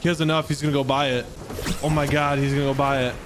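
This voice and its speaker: A man hosting a game tournament, giving excitable, trash-talking live commentary that swings into yelling. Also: medium pitch, fast. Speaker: gaming streamer and tournament host. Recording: noticeable background noise.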